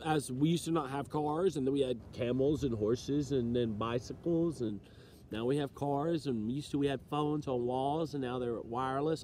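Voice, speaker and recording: A man preaching an emotional motivational sermon to the camera on his own outdoors, earnest and preachy, reading scripture slowly. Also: on the high side, dark tone, a little hiss or hum. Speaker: self-styled preacher. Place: outdoors near trees, alone.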